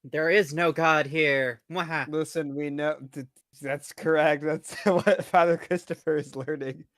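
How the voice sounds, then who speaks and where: A man's voice: a little high, steady tone, measured pace, a bit bright, no echo, clean studio sound. A man joking around with friends at a tabletop game, teasing and laughing. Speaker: player. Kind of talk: casual joking chat.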